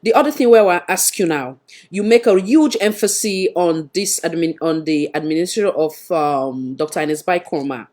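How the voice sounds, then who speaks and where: A woman's voice: fairly low pitch, moderate pace, darkish tone. A woman with a Sierra Leonean accent hosting a live panel discussion, pressing her guest with repeated questions. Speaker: talk show host.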